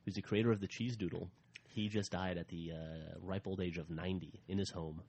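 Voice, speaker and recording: A man's voice: low voice, steady tone, a little fast, darkish tone, slightly rough. A man hosting a podcast in casual chat, teasing and swearing, laughing often. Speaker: podcast host.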